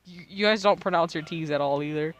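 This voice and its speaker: A man's voice: fairly high pitch, quick pace, a bit bright, lo-fi sound. An American man in his twenties, tipsy and rambling in casual, profane chat while streaming a game, laughing often. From United States. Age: 20s.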